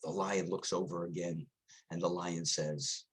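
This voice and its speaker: A man, a rabbi, giving a short sermon as an expressive storyteller. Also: deep voice, unhurried, breathy edge.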